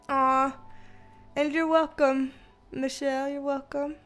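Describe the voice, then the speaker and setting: A woman's voice: sits high, measured pace, fairly bright tone, soft background music. A woman hosting a casual livestream, greeting viewers by name and laughing often. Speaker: livestream host and tarot reader.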